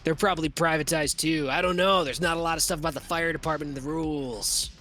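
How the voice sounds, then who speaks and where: A man's voice: a little high, fairly even intonation, fast, pushed and bright, faint music behind. A man running a tabletop game as game master, narrating the action in a casual, profane, vivid way full of "like" and "you know". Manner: lots of fillers, like and you know.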